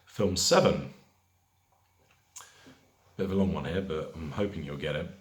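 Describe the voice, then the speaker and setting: A man hosting a pub quiz in a lowish voice, reading each question slowly and then repeating it. He drifts into chatty asides between questions. The room around him is echoey. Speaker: quiz host.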